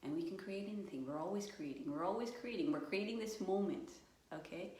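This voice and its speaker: A woman yoga and meditation coach guiding a live session, slow and soothing, with playful acted-out voices. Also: medium pitch, warm tone. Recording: echoey room, distant mic, faint noise.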